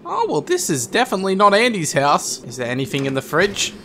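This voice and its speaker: A man doing excited game commentary, yelling and laughing as he plays. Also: sits high, a little fast. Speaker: gaming YouTuber. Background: game music.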